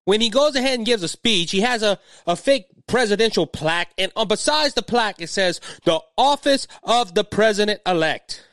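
A middle-aged man from Louisiana with a Cajun accent hosts his own podcast. His voice sits high for a man, and he rambles and stumbles over his words as he gets worked up. The sound is dry and close, with no room around it. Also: animated, normal speed, few pauses, fairly bright tone, no room sound. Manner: agitated, rambling, repeats words. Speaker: podcast host. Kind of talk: political podcast commentary.

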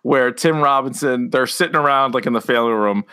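A man's voice: mid-range voice, a little fast, bright, forceful tone, smooth. A man co-hosting a casual podcast, animatedly retelling comedy sketches with frequent laughter. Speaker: podcast co-host. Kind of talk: casual chat.

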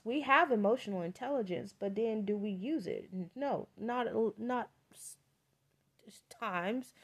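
Chatty, emphatic woman tarot reader. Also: fairly high pitch. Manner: chatty, emphatic, loose and profane; repeats words for emphasis. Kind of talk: casual tarot reading podcast.

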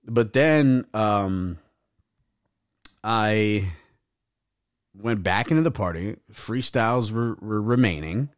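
A man's voice: on the low side, lively intonation, takes it slowly, pauses often, no room sound, studio quality. Profane rambling young podcast host guy. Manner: rambling, profane, acts out quoted voices. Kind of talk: casual storytelling. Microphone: podcast mic.

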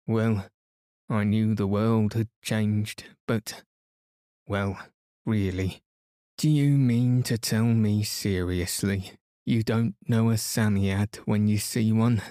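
A man voicing a cross, haughty old male sand fairy while reading a bedtime story aloud, speaking slowly and gently. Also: fairly low pitch, steady tone, dry recording, studio quality. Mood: testy. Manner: cross, haughty, easily offended. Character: ancient grumpy male sand fairy, touchy.

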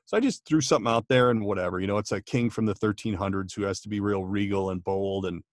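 A man's voice: on the low side, quick pace, dry recording, studio quality. A man, a voice actor, telling stories in a casual podcast chat, laughing often and restarting his sentences. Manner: chatty, laughing storyteller with many restarts. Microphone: home studio microphone.

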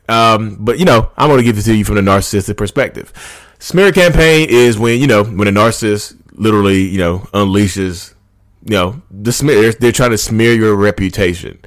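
Low-voiced man in his thirties ranting. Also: normal speed, no room sound, clean studio sound. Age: 30s. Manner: chatty and rambling, often addresses viewers as "y'all"; passionate, ranting bursts. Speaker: YouTube channel host. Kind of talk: casual talk to camera.

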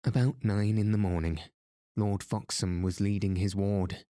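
Slow, deep-voiced male narrator. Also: steady tone, warm tone, no echo, clean studio sound. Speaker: audiobook narrator. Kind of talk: scripted narration.

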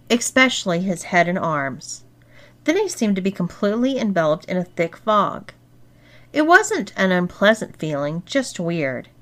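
A woman reads an erotic story aloud with steady, expressive narration. Her voice sits at a typical mid pitch for a woman. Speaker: story reader.

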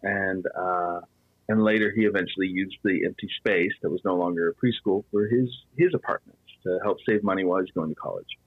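A man's voice: sits low, a little fast, breathy edge, no echo, narrow, tinny audio. A man casually telling a ghost story as a podcast guest, with lots of "you know" fillers.

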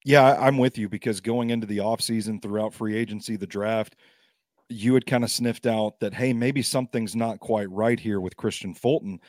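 A man's voice: on the low side, fairly even intonation, normal speed, a little mellow, no echo, clean studio sound. A man filling in as guest on a sports podcast, talking in a chatty, self-deprecating way while battling a cough. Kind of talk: casual sports talk.

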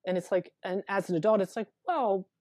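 A woman's voice: medium pitch, fairly quick, darkish tone, no room sound, studio quality. A woman therapist talking as a guest over a video call, hesitant and thoughtful, often restarting her sentences. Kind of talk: conversational interview.

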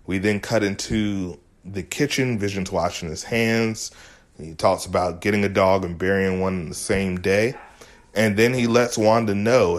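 A man with a low voice talks through a TV episode in a relaxed, chatty way. He is enthusiastic and retells the scenes in his own words as the host of the show. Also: unhurried. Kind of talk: casual recap commentary.

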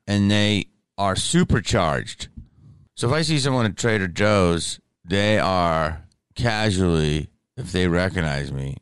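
Very deep, gravelly, tired man podcasting. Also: no room sound. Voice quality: deep morning voice. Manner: candid, rambling, restarts sentences. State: tired, just woke up. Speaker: podcast host. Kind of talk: casual podcast monologue. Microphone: studio microphone.

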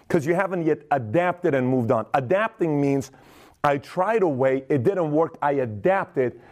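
A man's voice: fairly high pitch, darkish tone. A man hosting a podcast, giving a casual, emphatic motivational talk in plain words, often acting out other people's voices. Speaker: podcast host.

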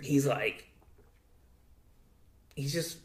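A man's voice: mid-range voice, extremely slow. A young man talking in a casual, rambling way, swearing a lot and saying "dude" often. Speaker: guest. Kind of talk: casual chat. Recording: echoey room.

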